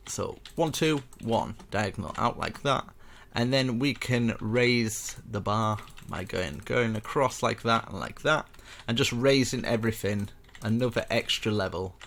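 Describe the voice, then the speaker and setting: A man's voice: fairly low pitch, unhurried, gravelly, few pauses, a bit bright. A young man casually walking viewers through a building tutorial step by step, chatty and rambling with self-mocking asides.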